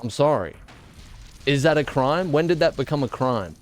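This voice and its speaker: A man with an Australian accent streams a game live, chatting casually, rambling and joking with mock indignation. His voice is a little high and expressive, at a normal speed.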